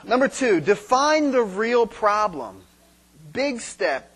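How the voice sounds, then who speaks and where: A slow, high-pitched, sing-song voice, a bit bright and slightly rough, carries this conversational sermon on marriage. The preacher asks his congregation questions and performs quarrels in quoted voices.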